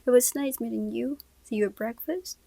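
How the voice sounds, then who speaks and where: A woman voicing a friendly teenage girl who turns brisk and exasperated with her mother, in a storybook reading. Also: fairly high pitch, creaky, mellow, no room sound.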